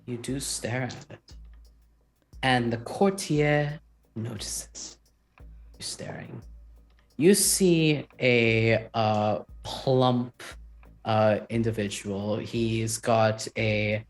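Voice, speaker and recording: Slow-paced male game master. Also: medium pitch. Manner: slow, thoughtful, with many fillers. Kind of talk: narrating a tabletop game.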